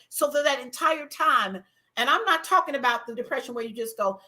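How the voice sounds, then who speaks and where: A woman's voice: high voice, a little fast, sharp tone. A woman hosting a faith talk show, speaking candidly and emphatically, often acting out what she once said. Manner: emphatic, acts out her own past words. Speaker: ministry conference host.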